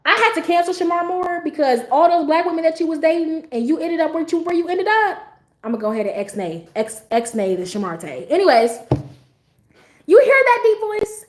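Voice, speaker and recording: A woman's voice: high-pitched, brisk, darkish tone. A young woman hosting a livestream, chatting casually to her viewers, blunt and profane and laughing often. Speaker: livestream host.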